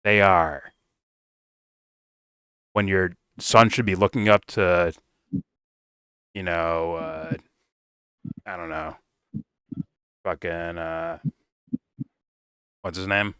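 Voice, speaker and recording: Blunt, foul-mouthed man with a deep voice. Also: steady tone, slow pace, long pauses, fairly bright tone, smooth, no room sound. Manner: blunt, profane, swears freely. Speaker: film reviewer. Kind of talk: casual commentary rant.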